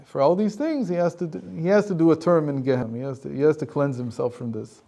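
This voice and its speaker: A man's voice: a little high, fast, mellow, close to an everyday voice. A man voicing a heavenly tribunal that judges a soul in a matter-of-fact, emphatic way. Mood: judging.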